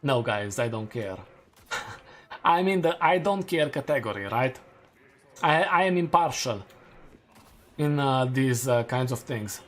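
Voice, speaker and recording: A man's voice: mid-range voice, lively intonation, measured pace, pauses often, a bit bright. A young man, streaming a game and chatting casually with viewers, thinking aloud and correcting himself as he goes. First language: Romanian. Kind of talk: casual live-stream chat while gaming.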